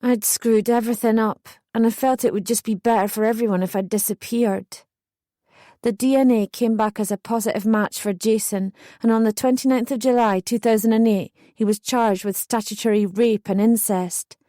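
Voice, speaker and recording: A young woman reads a painful first-person memoir with raw emotion. Her voice sits a little high and sounds dry and close, as in a studio booth. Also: steady tone, normal speed, dark tone, dry recording. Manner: emotional, intense retelling. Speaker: memoir narrator. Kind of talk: first-person audiobook narration.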